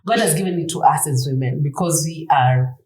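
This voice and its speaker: A Kenyan woman in her thirties, co-hosting a podcast, telling animated stories in casual chat and mixing in Swahili words. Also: low voice, a little fast. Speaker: podcast co-host. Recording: echoey room.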